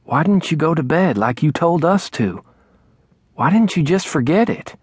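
A man voicing an angry mother confronting her husband, raised and sharp. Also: fairly high pitch, expressive, moderate pace, husky, no room sound, voice pushed up. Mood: bitter. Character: angry Southern mother, wife scorned.

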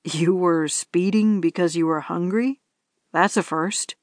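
A woman voicing a tall male police officer, speaking firmly, calmly and patiently. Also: fairly low pitch, no room sound, studio quality, voice pushed down, lightly acted. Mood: mocking. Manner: firm, measured, patient.

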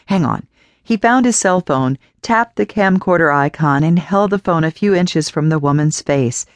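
A woman narrating a horror novel audiobook in a measured, even storytelling voice. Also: deep voice, no echo. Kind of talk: scripted narration.

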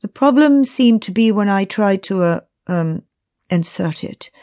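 A sheepish man who speaks haltingly and a little softly, stumbling over awkward words, as a woman narrator plays him. Her mid-height voice barely shifts for him, and it is recorded dry and close. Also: medium pitch, expressive, no echo, natural voice. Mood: hesitant. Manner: hesitant, halting, quiet. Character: shy, awkward confident man confessing.

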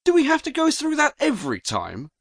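A weary young man losing patience, his pitch leaping up and down as he scolds, as a woman narrator plays him. Dry and close to the mic. Audiobook character work. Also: wildly swooping pitch, fairly quick, no room sound, exaggerated voice. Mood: exasperated. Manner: exasperated, grumbling. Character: exasperated young man, demon's master.

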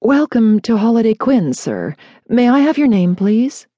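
A woman's voice: fairly high pitch, very animated, measured pace, mellow, no echo, dull audio, pitched above the performer's own voice. A woman narrator voicing a polite young female hotel desk clerk who speaks in a professional tone and gets flustered.

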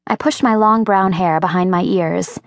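Low-voiced woman narrating an audiobook. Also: normal speed, creaky, no room sound, clean studio sound. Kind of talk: scripted narration. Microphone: close studio mic.

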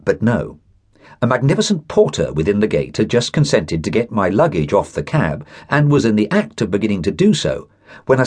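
A man's voice: fairly low pitch, a little mellow, breathy edge. A man narrating a classic short story as an audiobook reader, telling it expressively and voicing the characters' dialogue.

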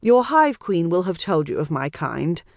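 A woman voicing a proper, strong-willed young English lady who gives crisp orders. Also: lowish voice, big pitch swings, a little slow, no room sound, studio quality. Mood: commanding.

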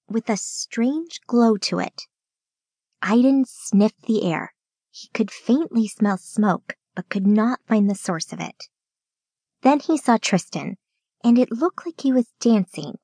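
A woman narrating a children's audiobook in a clear, steady reading voice. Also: mid-range voice, no echo.

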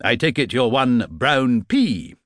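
Nervous fussy teacher, a man doing the voice, a bit high and careful. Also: very animated, slow, fairly bright tone, no room sound, clean studio sound. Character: fussy nervous male schoolteacher.

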